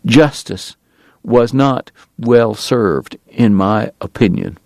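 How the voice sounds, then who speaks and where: A man voicing a formal, long-winded gentleman dentist and gambler with a Southern drawl, verbose and precise. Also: mid-range voice, slow pace, creaky, no room sound. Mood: indignant. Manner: verbose, precise and courtly, prickly about his honor.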